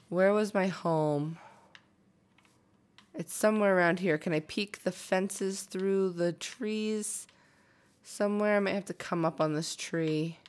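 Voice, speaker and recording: A young woman casually commenting on her own gameplay, chatty and excitable, chattering to herself and to the game animals. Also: lowish voice. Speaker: gaming video host.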